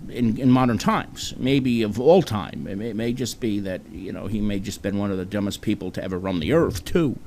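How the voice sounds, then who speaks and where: A man's voice: on the low side, a little fast, few pauses, darkish tone, a little hiss or hum. A man with a New Jersey accent hosting a web talk show alone, rambling in a chatty, self-deprecating way. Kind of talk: casual solo talk-show monologue.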